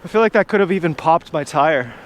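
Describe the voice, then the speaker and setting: A man vlogging while he rides an ebike along outdoor trails, telling a meandering, drawn-out story in a calm, stoned manner. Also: a little high, a little hiss or hum. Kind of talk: rambling monologue while riding. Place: outdoors on nature trails by a river. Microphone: camera on an ebike.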